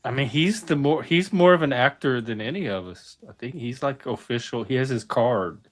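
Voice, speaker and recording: A man's voice: mid-range voice, expressive, moderate pace, soft background music. A middle-aged man hosting a casual panel chat, amused and self-deprecating. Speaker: panel host.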